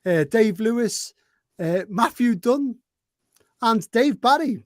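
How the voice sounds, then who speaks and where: A man hosting a casual podcast, chummy and quick to laugh as he greets viewers in the chat. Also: very high voice, lively intonation, dry recording, studio quality. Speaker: podcast host.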